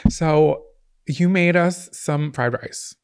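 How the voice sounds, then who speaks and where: A man's voice: fairly high pitch, slow pace, clean tone. A man co-hosting a podcast, telling rambling stories in casual comedic chat. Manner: rambling, chatty storytelling. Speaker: podcast co-host.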